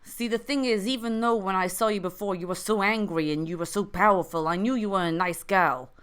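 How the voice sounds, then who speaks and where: Weepy male trout with a Boston accent, pleading and tearful, higher voice, smooth tone, as a woman puts him on. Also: a little fast, a bit bright, close to an everyday voice. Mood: earnest. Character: weepy male trout, insecure, wants eyebrows.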